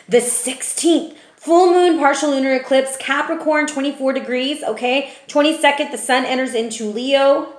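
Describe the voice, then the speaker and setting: A woman giving a casual tarot reading, chatty and profane, often ending remarks with "okay?". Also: fairly high pitch. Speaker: tarot reader. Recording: roomy echo.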